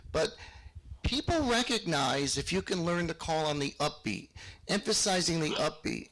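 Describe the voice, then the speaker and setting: A middle-aged man teaching square dance calling on a video call, chatty, explaining with hummed beats and sample calls. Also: mid-range voice. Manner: chatty, explains with hums and called sample lines. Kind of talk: online workshop lesson with demonstrations.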